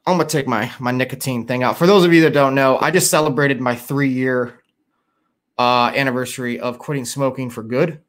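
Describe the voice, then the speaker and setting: A man's voice: medium pitch, steady tone, a little fast. A middle-aged man from Chicago hosting a casual livestream, tired and rambling, with a lot of swearing. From Chicago area. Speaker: livestream host.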